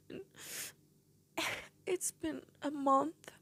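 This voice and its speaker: Slow, breathy young woman, tearful. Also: mid-range voice, fairly even intonation. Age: young adult. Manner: soft, halting, often drops to a whisper. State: tearful, voice breaking. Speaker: vlogger. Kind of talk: personal storytelling to camera.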